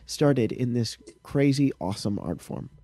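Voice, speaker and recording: A man's voice: medium pitch, animated, unhurried, warm tone, no room sound. A man hosting a casual interview podcast, joking and upbeat. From United States. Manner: jokey, upbeat, lots of laughter. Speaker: podcast host.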